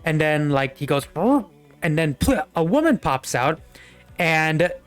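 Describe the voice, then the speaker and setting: A man's voice: fairly high pitch, animated, a little slow, a bit bright, clear, resonant tone. A young man narrating a tabletop game as game master, rambling with many fillers.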